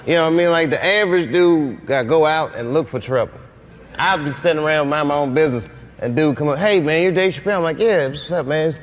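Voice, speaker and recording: Storytelling man, slightly higher voice. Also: fast, in a large hall, a little hiss or hum. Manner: storytelling, acts out quoted lines. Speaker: comedian telling a story. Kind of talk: anecdote on a talk show.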